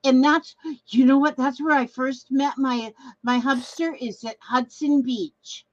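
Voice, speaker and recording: Her high-pitched voice stays steady and measured as this older Minnesota woman casually hosts a craft livestream, reading comments from viewers and letting sentences trail off. There's no echo, but the highs are cut off.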